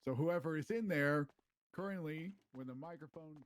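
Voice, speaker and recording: A man's voice: on the high side, moderate pace, slight background noise. A man playing a police trainer, explaining rooms in a casual, instructive role-play walkthrough. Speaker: police trainer giving a station tour.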